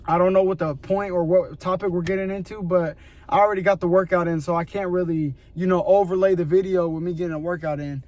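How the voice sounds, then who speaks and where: Earnest rambling young man, high voice. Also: fairly even intonation, quick pace, a little mellow. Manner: rambling, earnest, lots of filler like "bro" and "you know"; slides into a lower, weary voice when quoting himself talking to God. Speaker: vlogger. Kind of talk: casual motivational rant to camera.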